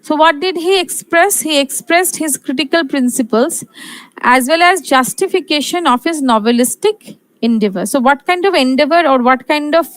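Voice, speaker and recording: A woman's voice: high-pitched, lively intonation, normal speed, fairly bright tone, dry recording, poor audio. A woman from India giving an exam-prep literature lecture, repeating key points and asking and answering her own questions.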